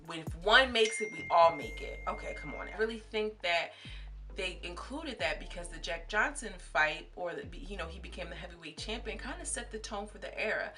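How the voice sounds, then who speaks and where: A young woman vlogger giving chatty, emphatic commentary on a series and talking straight to her viewers. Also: fairly low pitch. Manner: chatty and emphatic, addressing viewers as sis and girl. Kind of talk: casual commentary.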